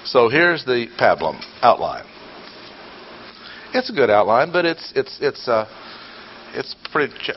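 A man's voice: medium pitch, big pitch swings, measured pace, pauses often. An older man giving a teaching sermon. He fires off rhetorical questions, bursts into emphasis and drops dry, sarcastic asides. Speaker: preacher or Bible teacher. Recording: dull lo-fi audio with faint noise.

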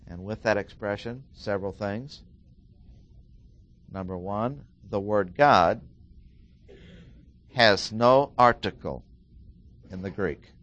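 A middle-aged man teaching through a Bible passage, deliberately repeating key phrases and stressing single words. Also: on the low side, a bit bright, highs cut off. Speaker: preacher.

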